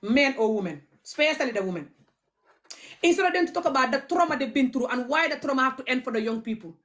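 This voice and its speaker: A woman's voice: sits high, expressive, fast, a bit bright. A woman vlogger, not a native English speaker, ranting bluntly to camera and repeating her points over and over. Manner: blunt, repetitive, stubborn. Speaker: activist vlogger. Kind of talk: impassioned rant to camera.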